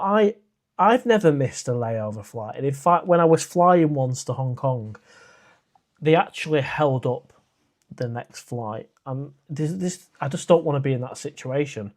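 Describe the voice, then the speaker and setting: Hosting a laid-back live stream, a man with a medium-pitched, darkish voice reads out comments from viewers and chats back. His talk meanders, dotted with many "uh"s and restarts.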